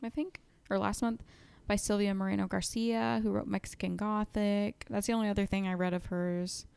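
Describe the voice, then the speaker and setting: A woman's voice: medium pitch, flat delivery, moderate pace, gravelly, a little mellow, clear, resonant tone. A young woman co-hosting a podcast, chatting casually and retelling book plots with lots of "like" and "um". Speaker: podcast co-host. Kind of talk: casual chat.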